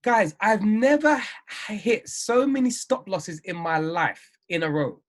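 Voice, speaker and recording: Animated man with a lively voice. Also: high voice, slow pace. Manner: animated, repetitive, emphatic. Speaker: trading coach. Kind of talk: motivational video call with traders. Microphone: video call.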